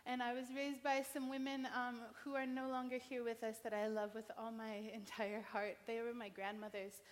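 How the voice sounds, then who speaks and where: A woman's voice: on the high side, little pitch movement, moderate pace. An American woman from New Mexico giving a heartfelt personal talk as an invited speaker at an event. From New Mexico, United States. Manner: earnest, heartfelt storytelling. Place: large event hall. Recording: long reverb of a large hall.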